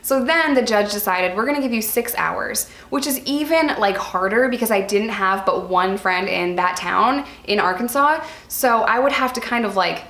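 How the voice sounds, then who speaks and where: A woman's voice: medium pitch, moderate pace, hardly any pauses, a bit bright. Earnest woman vlogger, roomy echo. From New York. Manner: earnest, chatty, addresses viewers as "you guys". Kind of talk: candid personal storytelling to viewers.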